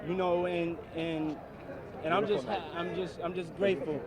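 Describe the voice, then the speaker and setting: A high-voiced man speaks haltingly to reporters, his words catching and circling back. The chatter of a dense crowd presses in around him, captured in rough outdoor news footage. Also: fairly even intonation. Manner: halting, emotional, repeats himself. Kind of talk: impromptu statement to reporters. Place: city street outdoors.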